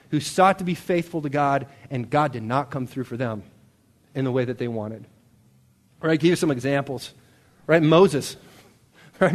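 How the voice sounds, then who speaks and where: A man preaching a sermon to a congregation in a conversational, animated way, often checking in with "right?". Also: a little high. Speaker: pastor. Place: church hall before a congregation.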